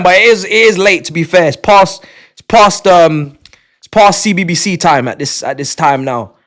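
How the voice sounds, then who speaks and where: Man, livestream chat, slangy, excitable, bright. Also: high-pitched, moderate pace. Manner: excitable, slangy, laughing and sighing often. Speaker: livestream host. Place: his home.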